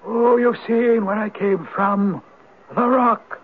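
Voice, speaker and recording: An actor playing an ancient male spirit, a Viking ghost turned Irish sage, speaking in a measured, preachy way in a 1970s radio drama. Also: high-pitched, fairly even intonation, breathy edge, full character voice. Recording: tinny lo-fi old radio broadcast.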